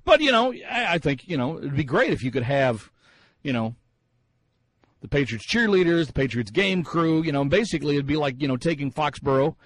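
A man's voice: a little high, animated, a little fast, a bit bright, no echo, low-quality recording. A man hosting a sports talk radio show, musing in a chatty way with many fillers and restarts.

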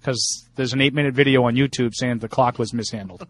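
A man's voice: mid-range voice, steady tone, fairly quick. A middle-aged man co-hosting a sports radio show in casual talk, emphatic and opinionated, often restarting his words.

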